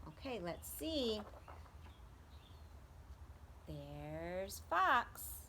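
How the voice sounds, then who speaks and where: A woman's voice: medium pitch, slow pace, slight background noise. A young adult woman, a preschool teacher, reading a story aloud to children and asking them questions. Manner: animated, asks children questions.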